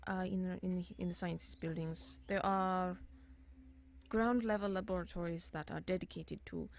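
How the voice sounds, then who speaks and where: A woman narrating a tabletop game as game master, halting with fillers and restarts. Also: lowish voice, fairly even intonation.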